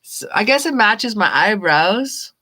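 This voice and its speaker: A woman's voice: mid-range voice, very animated, a little slow, sharp tone. A woman giving live-stream tarot readings, chatting casually with viewers, thanking them by name and laughing often. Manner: chatty, reads chat names aloud, laughs often. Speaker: tarot reader.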